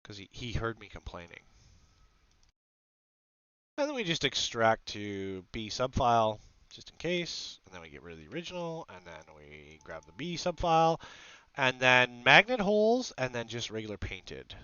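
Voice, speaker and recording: A man's voice: mid-range voice, sing-song, normal speed, sharp tone, clean tone, no room sound, lo-fi sound. A man hosting a casual maker livestream, rambling to his viewers and to himself as he sets up a 3D print. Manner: rambling, talks to the audience and to himself. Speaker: maker channel host.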